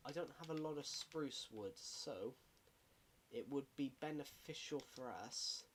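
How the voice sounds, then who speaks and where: A man rambles through casual livestream chat while he plays a game, often stopping to correct himself mid-sentence. His voice sits at an ordinary middle pitch. Faint keyboard clicks tick along behind him. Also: a little slow, slight background noise. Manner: rambling, self-correcting, chatty. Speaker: gaming livestreamer.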